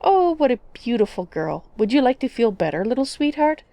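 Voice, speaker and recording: A big-hearted motherly Nord woman , played by a woman coos and reassures in a soft, doting voice. The voice is close and dry, from a game roleplay. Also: on the high side, big pitch swings, a little fast, no echo, pitched above the performer's own voice. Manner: doting, soothing.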